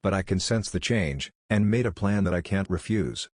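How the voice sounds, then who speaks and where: A man's voice: low voice, expressive, moderate pace, a little mellow, dry recording, studio quality. A man voicing a huge, proud ancient guardian dragon in a comic recap, grave and formal.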